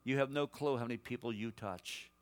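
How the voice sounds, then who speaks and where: Male guest preacher, prophetic sermon, mid-pitched voice, surges loud then drops to a hush, calls folks son and daughter. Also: fairly quick, clear, resonant tone. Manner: emphatic, swings between loud exhortation and hushed personal words; addresses listeners directly as son, daughter, brother.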